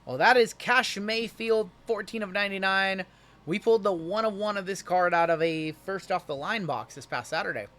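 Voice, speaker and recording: Upbeat high-voiced man calling card pulls. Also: normal speed, fairly bright tone. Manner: upbeat, chatty, teasing. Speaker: card break host. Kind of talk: live card-break stream commentary.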